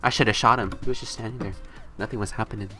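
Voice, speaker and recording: A man's voice: steady tone, racing, bright, forceful tone, soft background music. A young man streaming a video game live, joking with chat and shrieking in mock fear when cornered. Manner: playful, jokey, squeals high when scared in the game.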